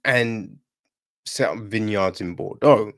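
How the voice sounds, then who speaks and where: A man's voice: lowish voice, takes it slowly, fairly bright tone. A man reviewing films on a podcast, in a blunt casual chat, feeling unwell and often asking "right?" and "you know what I mean?".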